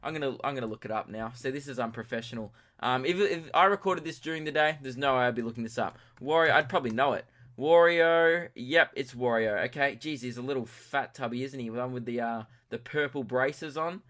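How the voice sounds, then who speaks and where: A man's voice: mid-range voice, fast, hardly any pauses, a bit bright. A young man hosting a solo comedy podcast, tired from lack of sleep, rambling through self-deprecating tangents. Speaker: podcast host.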